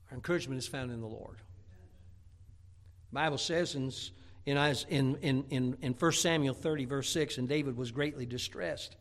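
A male pastor with a medium-pitched voice preaches at a moderate pace. His sermon leans on folksy, humorous homely stories, and he repeats words while building up to emphatic, rising points.

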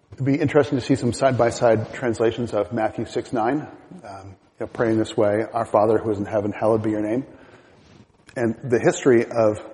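A middle-aged man teaching a Bible class in a relaxed, halting way, with fillers and restarts. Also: medium pitch, in a large hall, poor audio. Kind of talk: church class lecture.

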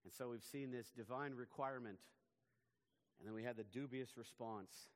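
A man preaching a sermon in an earnest, emphatic way. His mid-pitched voice carries a long reverb through a large hall. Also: normal speed. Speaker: pastor.

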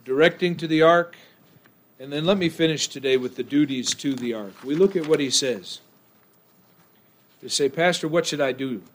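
A male pastor preaching a sermon in church, swinging from hushed, low lines to loud, impassioned outbursts. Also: moderate pace, long pauses.

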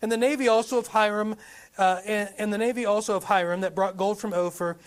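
A man's voice: sits high, a little fast, clear, resonant tone. A man preaching a sermon, reading scripture aloud and asking the congregation rhetorical questions. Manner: animated, asks many rhetorical questions, reads scripture aloud.

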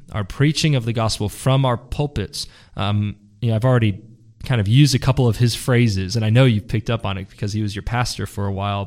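A man hosting an interview, asking measured questions and reflecting aloud. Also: fairly low pitch. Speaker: interview host. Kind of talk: conversational interview.

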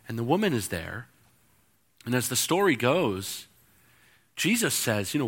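A male pastor delivers a sermon in a church, his voice bright and a little high. He preaches expressively and brings the stories alive by acting out their voices. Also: big pitch swings, normal speed.

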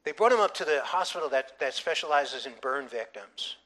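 Brief: middle-aged male pastor, emphatic sermon storyteller, bright tense tone. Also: a little high, a little fast. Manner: animated, emphatic storytelling with frequent restarts.

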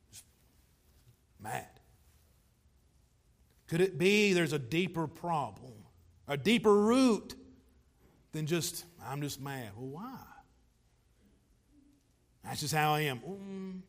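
High-voiced preacher. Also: male voice, a bit bright. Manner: emphatic preaching with rhetorical questions and repeated phrases. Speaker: pastor. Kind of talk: sermon.

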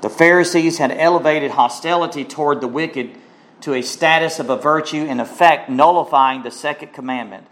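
A man's voice: on the high side, moderate pace, fairly bright tone. Man preaching an emphatic sermon. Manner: emphatic preaching with rising, pressing questions. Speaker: pastor.

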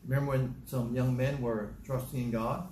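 Reading a psalm aloud in his sermon, a preacher retells it as plain, conversational storytelling. He speaks at a normal speed with a medium-pitched, a little mellow voice and fairly even intonation, in an echoey room with slight background noise.

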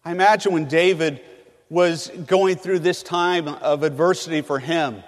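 A man from California delivers a sermon in a large campus hall. His voice sits a little high and carries a long reverb trail. He alternates loud, emphatic surges with soft, hushed phrases. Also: fairly even intonation, unhurried. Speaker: preacher.

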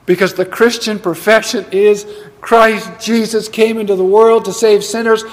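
A man's voice: sits high, flat delivery, normal speed, big-room sound. A man preaching a sermon from the pulpit, emphatic and repeating words for stress. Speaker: pastor. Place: church sanctuary.

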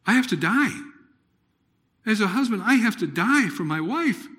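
Man giving a dramatic lively sermon testimony. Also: high-pitched, unhurried. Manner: dramatic storytelling, swings from loud exclamations to hushed near-whispers. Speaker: preacher.

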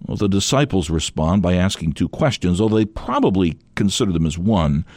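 A man's voice: low-pitched, very animated, brisk, a little mellow, dry recording. A man teaching a radio sermon in an earnest, emphatic way, leaning hard on key words.

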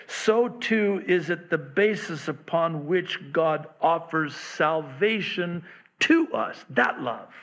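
A male pastor delivers a sermon at an unhurried pace, with a slightly raised speaking pitch. He speaks candidly and pokes fun at himself along the way. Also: a bit bright. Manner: candid, self-deprecating humor.

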